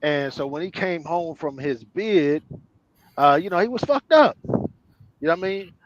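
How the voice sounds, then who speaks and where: A man's voice: on the high side, animated, moderate pace. Slangy man telling a story, lo-fi. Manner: loose, slangy street storytelling with many fillers. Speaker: panel guest. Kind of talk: storytelling on an audio panel.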